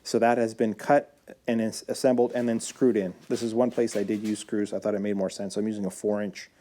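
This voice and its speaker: A man casually narrating his own build video as a voice-over, explaining each step in a relaxed way, with fillers and self-corrections. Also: on the low side, a little fast. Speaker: woodworking video maker.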